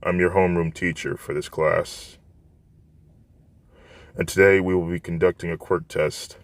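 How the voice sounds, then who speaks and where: A man voicing a tired, deadpan male teacher. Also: low voice, a little slow, dry recording.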